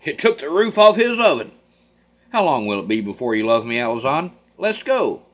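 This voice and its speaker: A man reading a play aloud, voicing a brash, excitable young man who boasts loudly and grandly. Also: mid-range voice, moderate pace. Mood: grandiose. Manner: loud, grandiose declamation.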